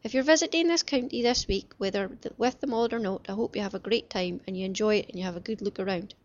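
A woman's voice: mid-range voice, quick pace, highs cut off. A woman from Caithness with a Caithness Scottish accent, hosting a chatty solo podcast in a homely, teasing way with Scots words. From Caithness, Scotland. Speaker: podcast host.

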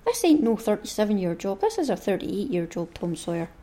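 A woman's voice: mid-range voice, big pitch swings, brisk, warm tone. A woman reading the lines of a folksy, tired boy from a classic novel in her own voice, plain and drawling. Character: folksy boy narrator Huck.

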